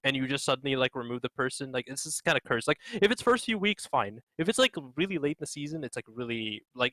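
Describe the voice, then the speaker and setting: A man's voice: medium pitch, a bit bright, no echo. A young man rambling through casual post-game talk as a co-caster, filling his sentences with "like". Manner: rambling, heavy use of "like".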